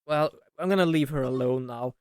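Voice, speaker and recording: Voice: mid-range voice, brisk. A streamer giving casual, emotional commentary while playing a story game. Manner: animated, emotional reactions. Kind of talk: casual let's-play commentary.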